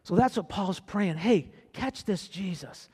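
A man's voice: high-pitched, unhurried, husky. A man preaching a sermon as pastor, building to fervent exhortations to his church. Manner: preaching with rising excitement and exhortations. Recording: hall reverb.

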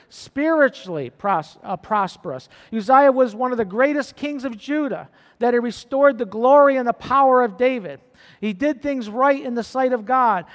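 A male pastor with a very high, light voice delivers an impassioned sermon. His words ring out with a long hall reverb behind them. He drifts between hushed asides and chanted, rising praise. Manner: impassioned, rises to chanting and shouting.

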